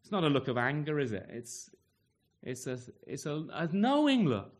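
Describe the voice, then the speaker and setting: A man preaching a sermon with a voice that sits a little higher than most men's. He talks to his congregation conversationally, tagging his points with questions like "isn't he?" and stumbling into restarts as he reaches for words. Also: huge pitch swings, normal speed. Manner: conversational, full of rhetorical tag questions.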